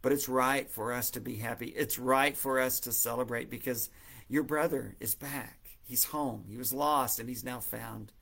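A man's voice: medium pitch, steady tone, moderate pace, gravelly, fairly bright tone. A man preaching an earnest sermon, retelling a parable in a storytelling manner.

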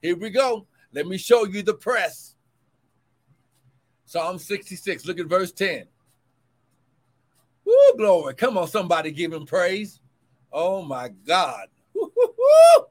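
A man preaching a livestreamed sermon as pastor and prophet, swinging between shouted cries of glory and quick, low asides to viewers. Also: expressive.

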